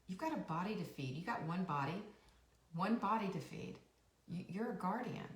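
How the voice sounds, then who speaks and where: A woman's voice: mid-range voice, sing-song, moderate pace, reverberant, distant mic. A woman host giving a rousing motivational talk, emphatic and repeating her key phrases. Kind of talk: motivational live-stream talk.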